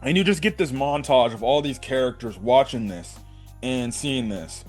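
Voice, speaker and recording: Excitable young man reviewing anime. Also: medium pitch, moderate pace, faint music behind. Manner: excited fan talk, many fillers and "bro". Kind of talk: casual episode review.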